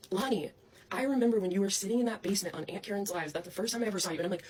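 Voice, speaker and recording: A woman's voice: medium pitch, lively intonation, quick pace, slight background noise. A young adult woman delivering an angry, profane, accusatory rant straight to camera. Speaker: online personality.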